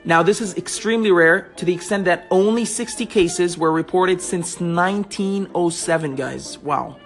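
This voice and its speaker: A male host with a fairly high voice, chatting in a lively, casual way and calling his listeners guys. Faint music runs quietly behind him. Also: normal speed. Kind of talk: casual talk-show monologue.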